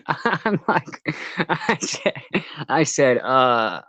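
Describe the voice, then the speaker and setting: A man casually telling a long rambling story, halting and laughing as he goes. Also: fairly high pitch, lively intonation, a bit bright, breathy edge, no room sound, poor audio.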